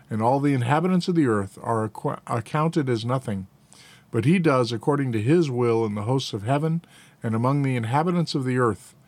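Male scripture reader, plain measured delivery with small self-corrections; middle pitch, dead-dry room. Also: dry recording. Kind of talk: reading scripture aloud.

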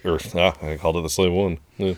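A man co-hosting a podcast, recapping a show in casual chat, relaxed and laughing often. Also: deep voice, quick pace. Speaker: podcast co-host.

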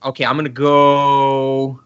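A man co-hosting a podcast in casual chat, excitable and laughing often. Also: medium pitch, takes it slowly, smooth, dull audio. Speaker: podcast co-host.

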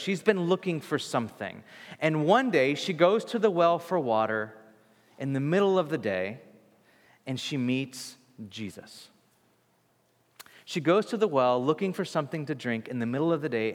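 A man preaching a sermon in a casual, animated storytelling manner. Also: on the high side, in a large hall.

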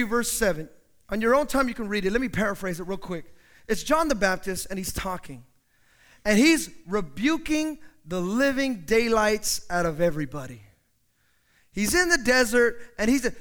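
High-voiced impassioned preaching man. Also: lively intonation, normal speed, bright, forceful tone. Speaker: pastor. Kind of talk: sermon. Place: church sanctuary. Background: piano playing.

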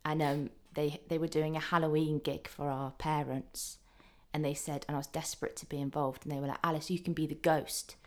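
A woman's voice: low-pitched, level tone, brisk. A woman, chatting as a guest actor and telling stories about herself. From England. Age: 30s. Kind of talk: casual chat.

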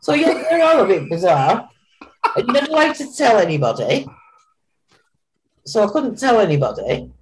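Older woman, lively pitch. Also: normal speed, pauses often, a little hiss or hum, poor audio. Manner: chatty, laughs often, plain-spoken. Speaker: guest, charity founder. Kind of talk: casual interview chat.

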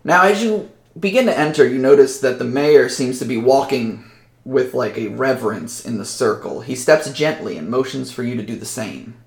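Man, game master, relaxed narration, gravelly, roomy sound. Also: medium pitch, normal speed. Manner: relaxed descriptive, many fillers.

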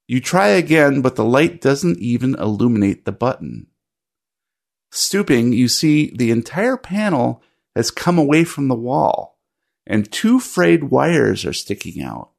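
Gravelly man narrating as game master. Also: medium pitch, sing-song. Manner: descriptive, measured storytelling. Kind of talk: narrating a tabletop horror game.

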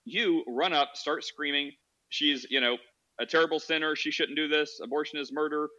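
A man's voice: a little high, fairly even intonation, moderate pace, bright, forceful tone, lo-fi sound. A man hosting a casual Christian discussion podcast, talking earnestly and acting out the voices of people in his examples. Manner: earnest, acts out quoted voices. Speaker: podcast host.

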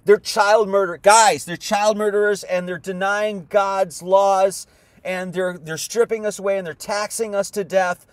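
A man's voice: high voice, steady tone, a little slow, dry recording, pitched above the performer's own voice. A man voicing a desperate male prisoner urgently pleading with a crowd, in a raised, pressing voice.

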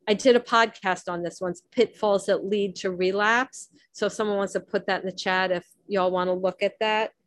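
A woman's voice: medium pitch, no echo. A woman hosting a recovery podcast, explaining a text in an earnest, conversational way with wry sarcastic asides. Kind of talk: teaching talk on a recovery text.

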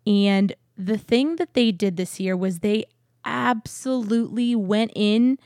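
Woman, casual podcast co-host, gushing, medium pitch, dry close recording. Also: slow pace, a little mellow, dry recording. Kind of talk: casual chat.

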